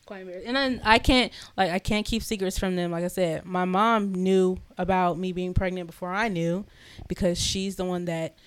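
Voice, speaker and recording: A young woman tells a story in relaxed, casual chat. She is animated, swears freely and acts out what people said. Her voice is smooth and clear. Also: on the low side, normal speed.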